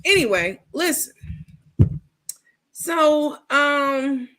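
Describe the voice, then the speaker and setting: A woman's voice: sits high, animated, extremely slow, sharp tone. Sassy woman host, casual gossip commentary, blunt and profane, rambles with fillers. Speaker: host of a reality TV gossip stream.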